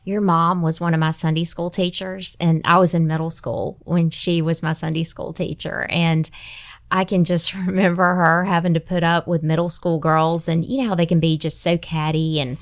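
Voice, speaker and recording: Woman, podcast host, gentle affirming interviewer, low flat voice. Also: normal speed. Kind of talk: conversational interview.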